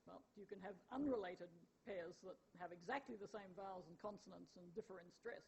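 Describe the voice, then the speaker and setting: Woman giving a lively public lecture. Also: fairly low pitch, quick pace, gravelly, hardly any pauses, slight background noise, poor audio. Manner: conversational, many restarts and fillers, playful asides to the audience. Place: lecture theatre.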